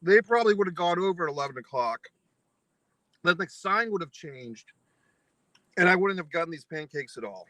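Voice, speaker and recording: Profane, bright-voiced man ranting. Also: high voice, lively intonation, brisk, pauses often, no room sound, rough recording. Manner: foul-mouthed, exasperated, mock-philosophical. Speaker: vlogger. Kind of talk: profane ranting anecdote to camera.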